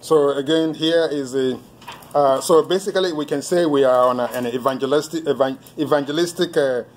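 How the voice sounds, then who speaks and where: A man preaching a sermon as pastor, halting often with fillers and restarts as he reads hymn lines aloud and explains them. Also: fairly high pitch, slight background noise.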